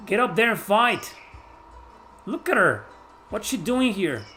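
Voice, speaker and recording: Male game streamer, loose and profane, reacts loudly, slightly high pitch. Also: measured pace, faint music behind. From Mexico. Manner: excitable, swears, shouts at the game. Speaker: gaming streamer. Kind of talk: live gameplay commentary chatting with viewers.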